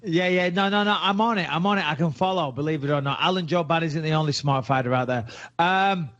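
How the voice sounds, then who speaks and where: A man's voice: on the high side, quick pace, a bit bright. Brash British man, lo-fi sound. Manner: brash, profane, provocative joking. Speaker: podcast co-host, retired fighter. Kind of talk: casual podcast banter.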